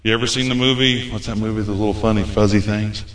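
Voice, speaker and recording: A man preaching a folksy, animated sermon as a visiting preacher. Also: on the low side, fast. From United States. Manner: folksy, animated, acts out quoted voices. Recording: echoey room.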